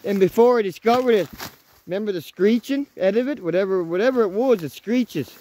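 A man in his thirties vlogging while hiking through the woods, excitable and swearing freely, talking to his dog as he goes. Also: high voice, fairly quick, a little hiss or hum. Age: 30s. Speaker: outdoors vlogger. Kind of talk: casual walking vlog. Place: outdoors in woods.

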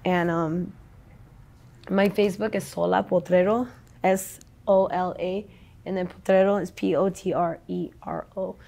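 A woman's voice: lowish voice, fairly even intonation, a little slow, vocal fry, dark tone. Young woman, slangy and rambling. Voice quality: slangy, profane, rambling talk. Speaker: interviewee. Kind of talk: casual street interview.

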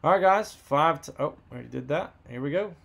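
A man hosting a live card box break, rattling off buyer names and teams in quick upbeat banter while losing his voice. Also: on the high side, animated, creaky, fairly bright tone.

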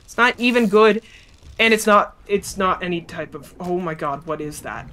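Streamer, excitable and chatty, live gameplay commentary, addresses chat. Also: medium pitch, moderate pace, slight background noise. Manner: excitable, chatty, talks to chat, reads game text aloud.

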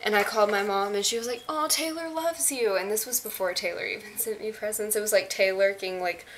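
A young woman vlogging as an excited fan, gushing and chatty with lots of fillers. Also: medium pitch, quick pace. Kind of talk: casual chat. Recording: faint hiss.

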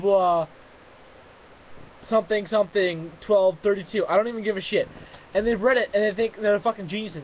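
Young man, high voice, furious cursing rant, lo-fi webcam sound, faint hiss. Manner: swears constantly, shifts between fuming shouts and muttering. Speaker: vlogger. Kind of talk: angry rant to camera.

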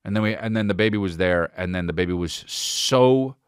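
A man hosting a podcast, telling a comic story in an animated, rambling, profane way. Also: low voice, brisk, clean tone, no room sound, studio quality. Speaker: podcast host.

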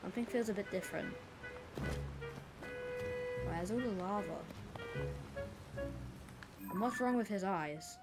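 A woman's voice: mid-range voice, a little slow, pauses often. A woman giving casual let's-play commentary, playfully reading game dialogue aloud with dramatic reactions. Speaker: gamer. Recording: game music behind.

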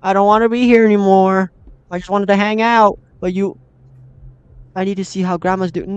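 A man's voice: sits high, steady tone, moderate pace, clean tone, lo-fi sound. A young man hosting a horror game let's play, easily startled and talking to himself and his viewers as he goes. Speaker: gaming channel host.

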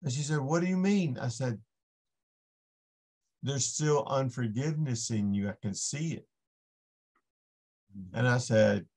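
A man, a ministering guest on a faith podcast, telling a personal story and acting out the voices in it. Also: medium pitch. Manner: unhurried storytelling, acts out the voices in his story. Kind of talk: casual storytelling testimony.

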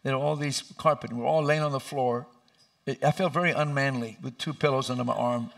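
A middle-aged man preaching as a pastor in a church, telling lively stories and laughing as he goes. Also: medium pitch, a little fast, creaky. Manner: animated, laughing storyteller who acts out voices. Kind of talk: sermon with storytelling. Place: church sanctuary.

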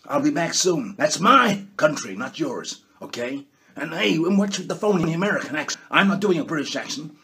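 A man's voice: on the high side, big pitch swings, moderate pace, sharp tone, breathy edge, heavily acted. A man doing a comic impression of a boastful, bossy male world leader who keeps tacking "okay?" onto his lines. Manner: bragging, bossy, repeats "okay?".

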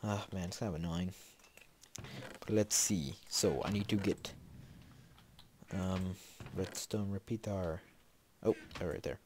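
Man, very deep voice, sniffly, rambling Let's Play commentary, lots of ums and restarts. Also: fairly even intonation, a little slow, a little mellow, slight background noise. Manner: rambling, filler-heavy, talking to himself. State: sniffly with a slight cold. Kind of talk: casual gameplay commentary.

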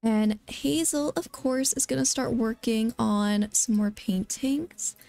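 A woman giving casual, excitable gameplay commentary as a let's play host, often exclaiming. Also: on the high side, takes it slowly, creaky, no room sound.

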